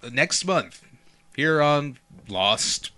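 A man's voice: fairly high pitch, big pitch swings, drawn-out words, sharp tone. A man co-hosting a podcast in casual banter, playful and spinning joking scenarios. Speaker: podcast co-host.

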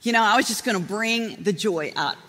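A woman preaching a sermon in a lively, chatty way, often laughing as she talks. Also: medium pitch, brisk, breathy edge. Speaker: pastor. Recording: long hall reverb.

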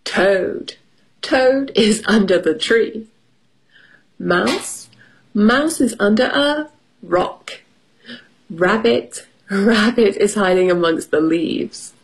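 A woman reading a children's story aloud on a radio show, animated and slow, with light laughs between lines. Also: medium pitch.

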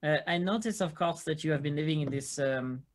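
A tabletop game player voicing their character with formal, measured questions. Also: medium pitch. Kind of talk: in-character role-play with out-of-character chat.

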